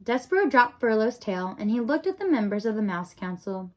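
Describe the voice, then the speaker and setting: A woman narrates a children's storybook with expressive, lively delivery. Her voice sits a little high and swings widely in pitch. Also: brisk. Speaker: audiobook reader.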